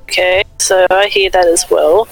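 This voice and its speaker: A man's voice: sits high, steady tone, a little slow, gravelly, soft background music, rough recording. A man playing a tabletop game, talking hesitantly with many fillers. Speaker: player.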